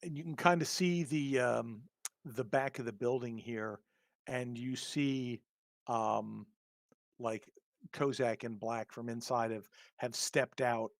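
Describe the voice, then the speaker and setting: A man running a tabletop game, narrating scenes in a relaxed way with plenty of ums. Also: mid-range voice, takes it slowly, no room sound. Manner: relaxed, many ums and fillers. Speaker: game master.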